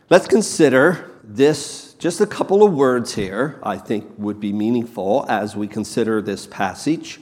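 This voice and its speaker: Slow, deliberate preacher man in a reverberant hall. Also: medium pitch, expressive. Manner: slow, emphatic, repeats key words. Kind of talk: sermon.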